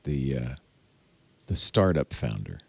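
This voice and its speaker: Animated older American podcast host. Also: male voice, very deep voice, slow pace, gravelly, slightly rough, no room sound. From United States. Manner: chatty, storytelling, animated. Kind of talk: tech podcast panel chat.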